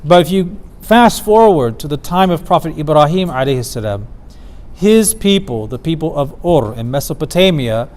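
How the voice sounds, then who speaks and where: Measured man teaching a theology class. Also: a little high, expressive, a little mellow. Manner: measured, explanatory, slows for emphasis on quoted verses. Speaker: Islamic studies teacher. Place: community center class.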